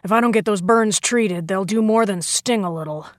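A capable woman medic, voiced by a male narrator, talks in a brisk, matter-of-fact way. The sound is close and dry. It is an audiobook character. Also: high voice, dry recording, voice pushed up, natural voice.

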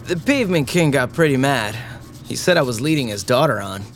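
A man's voice: mid-range voice, expressive, brisk, natural voice. Fields: Figure: earnest teenage boy acted by a man. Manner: eager. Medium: audio drama. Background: music.

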